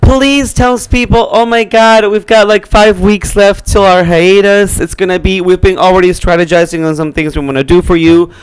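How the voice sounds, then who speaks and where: A man's voice: sits high, steady tone, normal speed, hardly any pauses, smooth, dry recording. A man co-hosting a podcast in casual chat, sassy and teasing toward his co-host.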